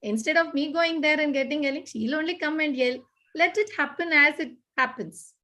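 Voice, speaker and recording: A woman giving parenting advice in an earnest, animated conversational way. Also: high-pitched, moderate pace. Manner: earnest, repetitive, animated explaining with acted-out examples. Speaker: parenting expert guest.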